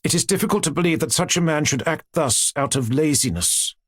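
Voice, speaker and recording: A gentle, anxious aristocratic mother, read by a man in his own husky voice. She pleads earnestly with a lively rise and fall, recorded close with no room sound. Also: fairly high pitch, brisk, dry recording, pitched above the performer's own voice.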